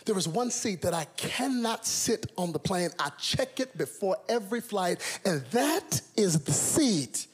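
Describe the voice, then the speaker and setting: A man in his thirties preaching with comic flair. His voice sits high and slightly husky, and he swings from hushed asides to loud phrases he nearly sings. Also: animated, a little slow, hardly any pauses. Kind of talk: sermon with comic storytelling.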